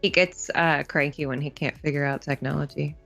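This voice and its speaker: A woman's voice: low voice, fairly even intonation, a little fast, vocal fry, a bit bright, soft background music. A woman who is a guest on a livestream call, making dry, teasing remarks, with her voice coming through thin and off-mic. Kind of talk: casual livestream chat.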